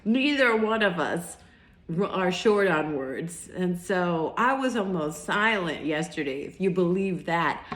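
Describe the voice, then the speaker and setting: A woman's voice: fairly low pitch, lively intonation, unhurried, a bit bright, roomy sound. A woman vlogger casually recounting a recent date, acting out both sides of the conversation with lots of fillers and restarts. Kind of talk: casual storytelling monologue.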